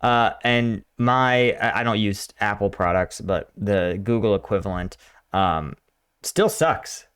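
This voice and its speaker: Smooth-voiced American man chatting. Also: on the low side, slow, fairly bright tone. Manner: chatty, laughs often, talks with many fillers. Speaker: reaction video host. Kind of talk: casual reaction commentary.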